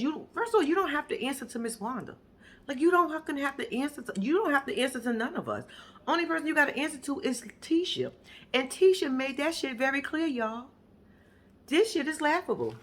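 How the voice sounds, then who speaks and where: A woman's voice: sits high, a bit bright. A woman recapping a reality show in casual chat. She is blunt and swears a lot, and she talks straight to her viewers. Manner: blunt, profane, emphatic storytelling; addresses viewers directly. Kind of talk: casual episode reaction chat.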